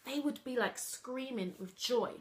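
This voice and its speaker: A woman with a fairly high voice chats away to her live stream viewers as a coach. She is lively and bubbly, and she scatters casual fillers through her talk. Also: measured pace, a little hiss or hum. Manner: lively, chatty, full of "like" and "you know". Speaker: coach running an online program.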